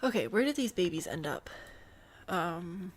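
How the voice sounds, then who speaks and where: Her voice is fairly low, expressive and unhurried, with a Midwestern accent. The streamer plays a life-sim game for live viewers, casually commenting and cracking playful jokes as she chats.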